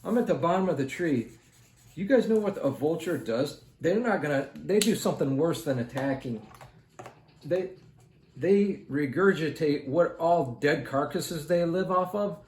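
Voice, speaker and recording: A man's voice: fairly high pitch, lively intonation, measured pace, a little mellow. A man hosting an art channel, telling a rambling story to his viewers while he draws, talking straight to them in a casual, chatty way. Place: indoors at home. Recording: roomy echo with faint noise.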